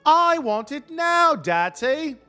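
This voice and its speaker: Spoiled bratty little girl, squealing and high-pitched, done by a man. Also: big pitch swings, slow, bright, forceful tone, faint music behind, exaggerated voice. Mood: whiny. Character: whiny spoiled little girl demanding things.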